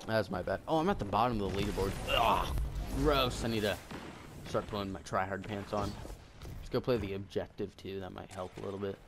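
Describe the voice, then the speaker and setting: A man giving chatty, excitable commentary while he plays a game, often breaking into sudden exclamations. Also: lowish voice, a little fast. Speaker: gamer. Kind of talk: casual gameplay commentary. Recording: game audio mixed with loud music. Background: game music.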